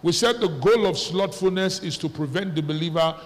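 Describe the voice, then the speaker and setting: Exhorting pastor in a reverberant church hall. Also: male voice, high voice, fairly quick. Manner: exhorting, repeats questions to the congregation. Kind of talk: sermon.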